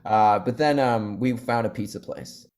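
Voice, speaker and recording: A young adult man, a guest actor in a casual podcast chat, telling stories and acting out quotes in loud, high voices. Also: moderate pace.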